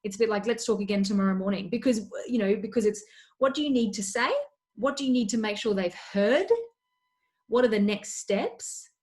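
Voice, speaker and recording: A woman's voice: fairly high pitch, normal speed, darkish tone. A woman coach and consultant explaining practical steps as a guest on a remote video call, full of "you know" fillers. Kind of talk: remote webinar advice talk.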